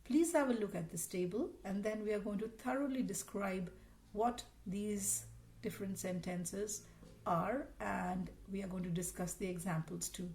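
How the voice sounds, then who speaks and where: A woman's voice: mid-range voice, normal speed, a little mellow. A woman teaching a recorded grammar lesson, explaining patiently and reading out example sentences.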